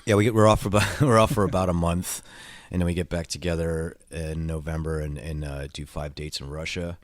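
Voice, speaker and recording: A man's voice: deep voice, little pitch movement, fairly quick, dry recording, clean studio sound. A man talking casually as a guest in an interview, laid-back and swearing freely, repeating his words as he goes. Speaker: touring drummer guest. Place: hotel room.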